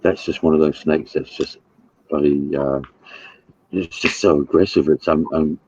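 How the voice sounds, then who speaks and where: Aussie guy, super deep husky voice, blunt and rambly, dry dull chat audio. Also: fairly even intonation, normal speed, a little mellow, dry recording. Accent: Australian. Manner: blunt, swears freely, rambling. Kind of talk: casual chat.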